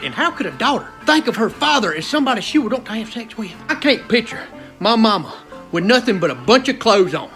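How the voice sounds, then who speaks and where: A man with a thick South Carolina accent rants through a stand-up bit in a very high, bright voice. He talks in a rowdy, exasperated hillbilly drawl. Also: big pitch swings, a little fast, faint music behind. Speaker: stand-up comedian. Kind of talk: stand-up comedy rant.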